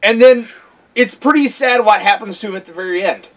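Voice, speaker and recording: A man's voice: high voice, brisk, low-quality recording. A man on a casual podcast, telling stories animatedly and with lots of swearing, acting out what people say. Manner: profane, animated storytelling with acted-out quotes. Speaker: podcast co-host. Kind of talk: casual chat.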